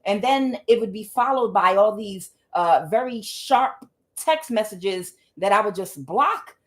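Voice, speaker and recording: A woman's voice: medium pitch, animated, a little slow. A woman tarot reader in a casual monologue who tells her story bluntly, swears freely and repeats words for emphasis.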